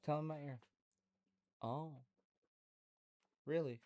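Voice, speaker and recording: A man's voice: fairly high pitch, fairly even intonation, slow pace, a little mellow. A man hosting a podcast in a casual, rambling monologue, swearing freely and talking to his dog. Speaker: podcast host.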